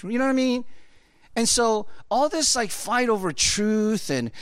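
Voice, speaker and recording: A male pastor delivers a loose, conversational sermon, wandering through asides and fillers. His voice sits high and swings widely in pitch. The sound is dry and close. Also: expressive, normal speed, fairly bright tone, smooth, dry recording. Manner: casual, rambling, full of fillers and asides.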